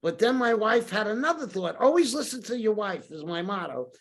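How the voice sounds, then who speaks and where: Fairly quick and high-voiced, an older New York man serves as a podcast guest. In the casual storytelling interview, he animatedly shares anecdotes and acts out what characters said.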